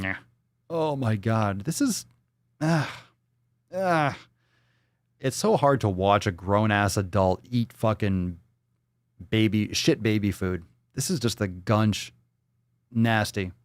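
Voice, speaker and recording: A man's voice: lowish voice, dry recording, clean studio sound. A man hosting a fitness show, reacting bluntly and crudely to a clip in profane live-stream commentary.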